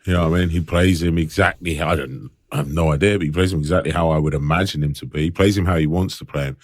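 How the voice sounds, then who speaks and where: Co-host, male, very low voice, dry sound, easygoing chatty delivery. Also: steady tone, quick pace, no echo. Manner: chatty, laughs often, fillers like "you know what I mean". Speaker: podcast co-host. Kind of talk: casual film chat.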